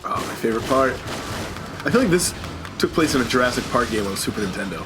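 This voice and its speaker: A man's voice: medium pitch, lively intonation, fast, over music. A man casually commenting on a video game, joking and rambling as he goes. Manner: joking, rambling, self-deprecating. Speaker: let's play commentator.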